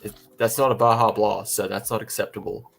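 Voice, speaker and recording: A man's voice: lowish voice, flat delivery, brisk, vocal fry, fairly bright tone, slightly rough. A man co-hosting a live fan podcast in casual chat, teasing and laughing a lot. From not American. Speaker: podcast co-host.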